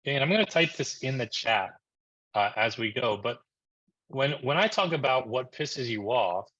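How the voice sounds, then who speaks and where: A man from New Jersey giving a live marketing presentation on a video call, energetic and conversational, often checking in with "right?". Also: mid-range voice, moderate pace, lo-fi sound. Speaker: marketing coach presenting a webinar.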